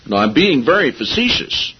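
Emphatic man preaching, husky lo-fi. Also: mid-range voice, big pitch swings, moderate pace. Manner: sarcastic and rising to emphatic outbursts. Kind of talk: sermon. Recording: dull lo-fi audio.

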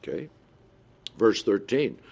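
A man preaching a Bible study sermon, reading scripture aloud slowly and adding his own comments. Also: on the low side, very animated, creaky, slightly rough, highs cut off. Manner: often checks in with the listeners.

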